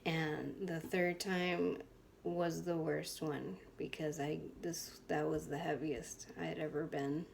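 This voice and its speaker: A woman's voice: low-pitched, little pitch movement, slow pace, creaky, a little hiss or hum. A woman in her twenties telling a personal story to camera in a frank, chatty way, with many fillers and restarts. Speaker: vlogger.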